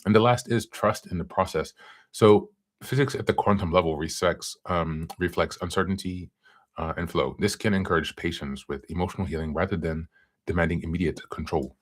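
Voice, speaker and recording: A man's voice: sits low, brisk. A man hosting a self-help podcast, talking casually with many fillers and asides, then reading from a book. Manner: rambling, frequent fillers and "you know". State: hiccuping. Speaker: podcast host.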